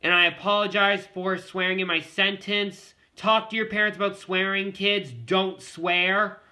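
A male vlogger with a high voice talks straight to his viewers in a loose, rambling way. He circles back over the same points again and again. His tone is strikingly bright and sharp. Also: a little slow. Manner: rambling and repetitive, often addressing the viewers. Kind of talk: casual talk to camera.

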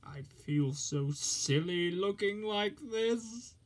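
A man's voice: high voice, expressive, slow, sharp tone, husky, pitched above the performer's own voice, exaggerated voice. A man doing a fretful young steam engine. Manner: whiny, fretful, then determined. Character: anxious proud male steam engine. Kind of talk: storybook reading.

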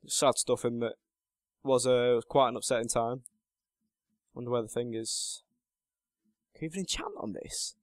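A lad in his late teens chats through his gameplay, joking at his own expense and muttering to himself between remarks. His voice sits at an ordinary middle pitch. It is recorded close and dry, with no room sound. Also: normal speed, long pauses, no room sound. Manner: chatty and self-mocking, muttering to himself while playing. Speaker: gaming channel host. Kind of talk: casual gameplay commentary.

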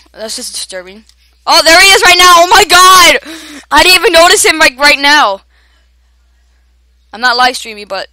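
A young woman giving excited gameplay commentary, often shouting at other players and laughing. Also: sits high. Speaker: gamer.

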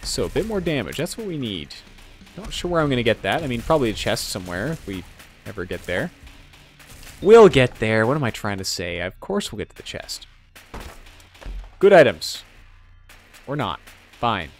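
Male let's-play commentator, chatty and self-mocking, lively pitch, quiet music under the voice. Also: moderate pace, pauses often, slightly rough. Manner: rambling, self-mocking, sound effects and joke impressions. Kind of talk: casual gameplay commentary.

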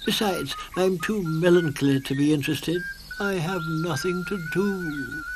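A man's voice: high voice, a little slow, music in the background, pitched above the performer's own voice. A man voicing a melancholy, fussy male creature in a cartoon tale, sighing and exclaiming dramatically. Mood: gloomy.

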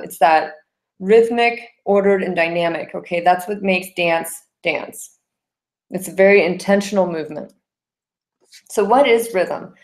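A woman teaching a dance class, explaining terms with frequent "okay?" checks and counting out rhythms aloud. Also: lowish voice. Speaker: dance instructor. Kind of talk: classroom lecture.

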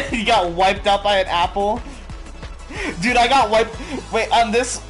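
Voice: medium pitch, takes it slowly, a bit bright. A game streamer chatting casually and teasingly with friends while playing, laughing often, with game music in the background.

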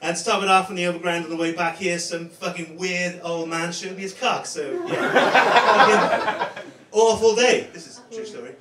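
Man doing deadpan stand-up in echoey club. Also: high voice, normal speed. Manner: deadpan self-mocking delivery with swearing. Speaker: stand-up comedian. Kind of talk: stand-up comedy set. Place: comedy club stage with audience laughter. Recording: echoey room, distant mic, loud crowd noise.

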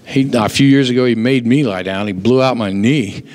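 A pastor preaching a sermon, telling stories and acting out the voices of the people in them. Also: male voice, medium pitch, normal speed. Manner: animated storyteller, acts out quoted voices. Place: church sanctuary. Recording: long hall reverb in a church.

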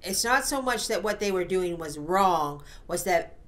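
A woman's voice: lowish voice, expressive, measured pace, a bit bright. A woman co-hosting a family podcast, recounting events in casual chat and often checking in with "right?". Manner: conversational, with a habit of saying "right?". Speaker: podcast co-host.

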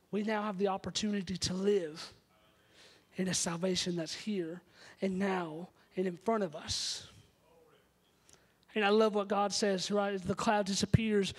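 Male pastor with a high voice, emphatic storytelling sermon in a church sanctuary.

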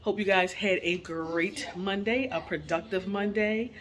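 A woman's voice: mid-range voice, fairly even intonation, a little slow. Chatty woman vlogging from home. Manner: chatty, addresses viewers as y'all. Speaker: vlogger, mother of two. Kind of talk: casual home vlog chat.

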